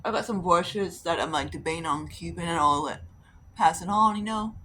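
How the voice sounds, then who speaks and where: A woman talks through her makeup routine in a loose, rambling way, drifting into stories and putting on little voices for the people in them. Her voice is bright and forward, with a faint hiss of noise underneath. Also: on the low side, normal speed. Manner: rambling, chatty, acts out quoted voices, swears casually. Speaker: beauty vlogger. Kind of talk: casual chatty storytelling while doing makeup.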